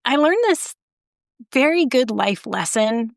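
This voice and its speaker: Gravelly middle-aged woman telling a story. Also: fairly high pitch, expressive, slow pace, no echo, studio quality. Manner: rambling storyteller, self-deprecating, laughs often. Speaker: guest. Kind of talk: casual conversation.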